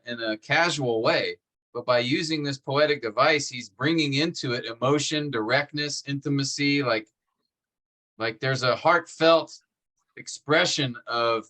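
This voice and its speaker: A man's voice: medium pitch, pushed and bright. A man teaching a seminary class over a video call, explaining step by step and checking in with "right?". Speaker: seminary instructor.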